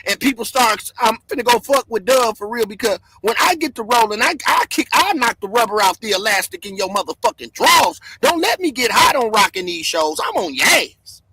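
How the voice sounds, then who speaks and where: High-pitched yelling man. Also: expressive, a little fast, hardly any pauses, breathy edge, no echo. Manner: yelling, fired-up, cursing. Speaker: livestream host. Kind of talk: loud commentary livestream. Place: home.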